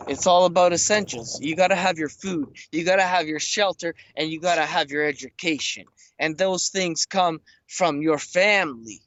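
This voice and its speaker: A man's voice: fairly high pitch, fairly bright tone, no echo, lo-fi sound. A man talking on a call from a small boat at night, ranting emphatically and repeating his words, asking "okay?" and "right?" as he goes. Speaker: guest on a live call-in show. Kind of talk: ranting casual chat.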